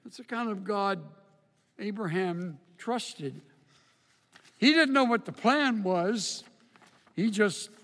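A man preaching in a long-reverb hall, with a high voice and an unhurried, measured pace. He builds to loud, emphatic peaks and then sinks low and slow. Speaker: pastor. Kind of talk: sermon.

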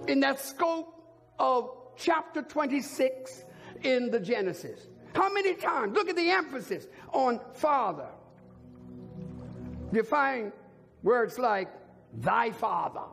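High, gravelly preacher in a reverberant hall. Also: male voice. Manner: emphatic repetition, rising to shouts. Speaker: bishop preaching. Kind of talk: sermon. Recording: long hall reverb, faint organ music.

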